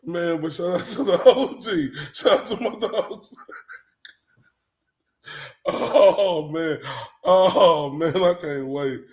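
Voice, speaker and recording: A man with a drawl hosts a loose, chatty livestream, his voice sitting a touch higher than most men's. He rambles in easy slang, circles back on himself, and keeps bursting out laughing. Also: takes it slowly, long pauses, a little mellow. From Texas. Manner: rambling, slang-heavy, breaks into laughter often. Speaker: livestream show host. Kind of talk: casual livestream chat.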